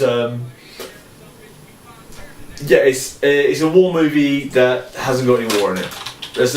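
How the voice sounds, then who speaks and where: A man co-hosting a casual podcast chat, swearing freely and laughing often. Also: mid-range voice. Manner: sweary, laughing, relaxed banter. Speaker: podcast co-host. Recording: roomy, distant mic, faint hiss.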